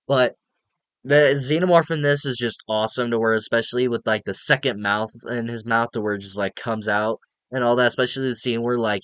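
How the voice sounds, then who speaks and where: A man talks through a movie review in a smooth, resonant voice with a dry, close sound. He is excitable and rambling, and he swears freely as he gushes. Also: medium pitch, dry recording.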